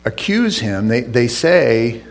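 A man's voice: medium pitch, big pitch swings, slow pace. A male pastor giving a conversational sermon, retelling scripture casually with asides and restarts.

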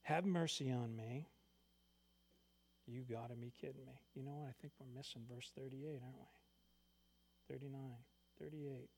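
A male pastor in the middle of a sermon, reading scripture and then pausing to unpack it for his listeners. His voice sits at an ordinary middle pitch, rising and pressing harder on key points before dropping to soft, almost hushed asides. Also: creaky, husky. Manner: animated, swings between loud emphasis and quiet asides.

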